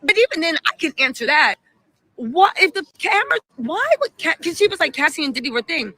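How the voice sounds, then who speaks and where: A woman's voice: high-pitched, sing-song, fairly quick, pushed and bright, poor audio. A woman hosting a casual live stream, chatting animatedly, reading out viewer messages and firing off emphatic rhetorical questions.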